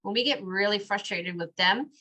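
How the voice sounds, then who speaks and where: A mother talking in a casual podcast conversation, lively, acting out bits of quoted dialogue as she goes. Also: medium pitch, normal speed.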